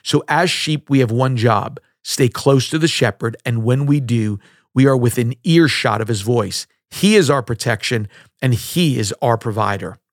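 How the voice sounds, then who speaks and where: Man preaching a measured sermon, dry sound. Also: mid-range voice, dry recording. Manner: measured, emphatic preaching with rhetorical questions. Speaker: pastor.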